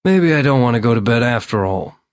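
A man's voice: mid-range voice, animated, a little fast, no room sound, clean studio sound, lightly acted. A man voicing a tired, guarded man who answers in short, clipped lines. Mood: weary. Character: weary, terse, guarded slight man.

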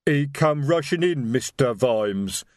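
A man voicing a huge, slow-witted male troll sergeant who rumbles his words. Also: animated, darkish tone, dry recording, clean studio sound. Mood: sheepish.

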